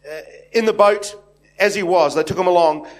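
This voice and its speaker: A man's voice: sits high, normal speed. A man from New Zealand with a New Zealand accent, preaching a sermon to a congregation in a rambling, anecdotal way full of fillers and restarts. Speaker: pastor. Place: church hall with congregation.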